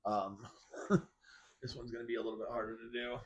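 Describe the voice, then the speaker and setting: Brisk and level in tone, this male host's mid-range voice sounds fairly bright, with a little hiss or hum in the background. He gives loose, casual podcast commentary with frequent restarts, at times blunt and mocking and occasionally profane.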